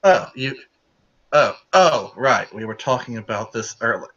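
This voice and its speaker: A man in a tabletop game session, talking in character in a lively, rambling way. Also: mid-range voice, a little slow, lo-fi sound. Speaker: player. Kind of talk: tabletop role-play in character.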